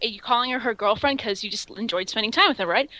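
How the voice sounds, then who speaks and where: Higher-pitched podcast woman, teasing and jokey, dry close sound. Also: fast, sharp tone, dry recording, poor audio. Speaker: podcast co-host. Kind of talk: casual chat.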